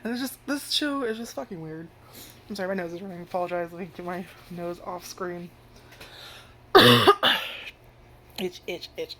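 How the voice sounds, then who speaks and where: A woman's voice: fairly low pitch, moderate pace, long pauses, a little hiss or hum. Rambling, foul-mouthed woman reviewing anime. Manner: rambling, heavy use of filler words and frequent swearing; animated, jumps into loud acted-out reactions. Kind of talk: casual first-impressions commentary.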